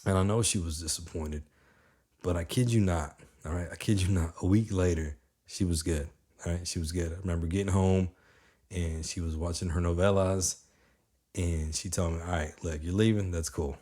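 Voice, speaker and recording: A man in his thirties giving an energetic, conversational motivational talk, often checking in with his listeners. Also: sits low, normal speed. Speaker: motivational speaker.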